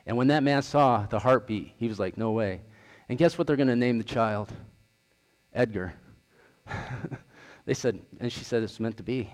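A man's voice: medium pitch, normal speed, long pauses. Man giving a talk in a reverberant hall. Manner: earnest, storytelling, retells dialogue. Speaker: outreach director. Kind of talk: presentation talk with slides.

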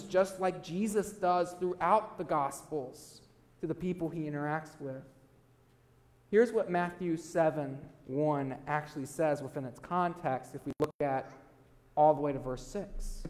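A male pastor preaching a sermon, earnest, swinging between loud emphasis and quiet low asides. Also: in a large hall.

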